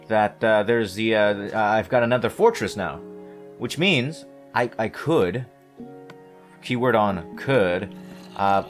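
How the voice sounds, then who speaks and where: Low-voiced man rambling over gameplay. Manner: meandering, self-deprecating, hesitant restarts. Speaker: gameplay commentator. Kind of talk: casual rambling let's-play commentary.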